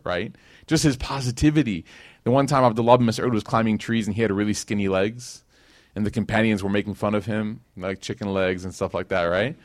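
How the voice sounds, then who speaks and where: A man's voice: lowish voice, fairly even intonation, a little fast, dry recording, clean studio sound. A man from Chicago teaching a conversational sermon, telling stories with slang and acted-out quotes. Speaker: Islamic teacher. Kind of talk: casual sermon.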